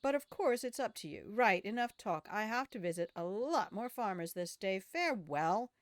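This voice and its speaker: Woman doing a high-pitched chatty game trader man. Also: expressive, normal speed, no echo, studio quality, close to an everyday voice. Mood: cautionary. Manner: old-fashioned storyteller's telling, uses "ye". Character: chatty wandering male trader giving warnings.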